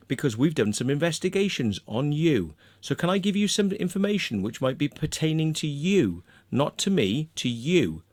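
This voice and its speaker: A man's voice: medium pitch, no room sound. A man, telling a story in a blunt, aggressive, sweary way and tagging his sentences with "right?". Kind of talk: profane storytelling monologue.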